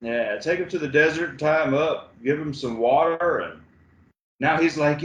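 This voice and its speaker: A man co-hosting a podcast, talking haltingly with many fillers and acting out characters in mock voices. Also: on the high side, fairly bright tone, echoey room, muffled recording, a little hiss or hum. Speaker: podcast co-host. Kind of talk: casual film review chat.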